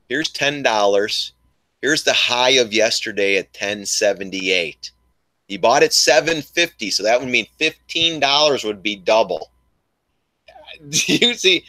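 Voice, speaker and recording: An older man hosting a casual live trading stream, talking in an animated, mocking way and laughing often. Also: medium pitch. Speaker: live stream host, trader.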